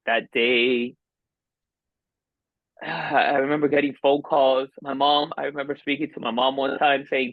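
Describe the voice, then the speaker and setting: A man in his forties from Miami, a podcast guest telling a personal story in an earnest, halting way with many restarts. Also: medium pitch, fairly even intonation, dry recording. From Miami, United States. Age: 40s. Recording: dull, dry lo-fi sound.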